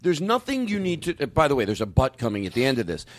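A man's voice: mid-range voice, wildly swooping pitch, fast talker, no echo. A man hosting a podcast in casual chat, rambling and cursing as he cuts himself off mid-sentence. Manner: rambling, profane, self-interrupting. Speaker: podcast host.

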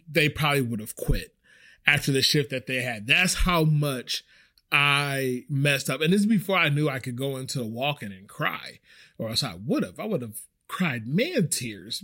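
Young male podcast host, slightly high voice, loose rambling storyteller, casual swearing. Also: a bit bright.

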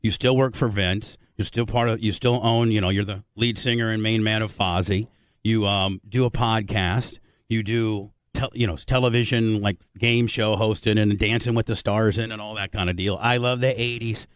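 A man's voice: lowish voice, steady tone, moderate pace, no room sound, studio quality. A middle-aged man hosting a radio interview, with chummy, jokey banter. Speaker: radio host. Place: radio studio. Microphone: studio mic.

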